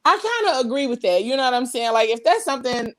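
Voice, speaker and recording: A woman's voice: a little high, fast, a bit bright, dry recording. A woman hosting a podcast in casual livestream chat, slangy and candid, laughing often as she reads comments. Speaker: podcast host.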